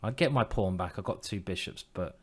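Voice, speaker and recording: A man's voice: deep voice, brisk. A man streaming online chess, thinking aloud in a playful, self-mocking way and teasing his opponent.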